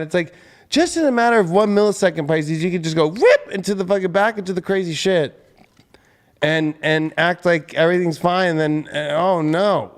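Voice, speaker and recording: A man with a high voice delivers an angry, heated livestream rant, swearing constantly at his viewers. He sounds like a tarot host who has run out of patience. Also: animated, normal speed. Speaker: astrologer and tarot reader hosting his channel.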